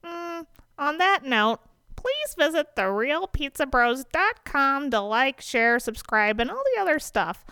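A woman co-host chats in a high, bright voice with a lively lilt. She sounds laid-back and casual, and the mic is dry and close. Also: unhurried, no room sound. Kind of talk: casual comedic chat.

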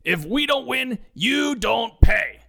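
A man voicing a sleazy male TV injury lawyer with a heavy Brooklyn accent, bellowing a drawn-out sales pitch in a comedy audio drama. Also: sing-song, gravelly, sharp tone, slightly rough, heavily acted. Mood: hard-selling.

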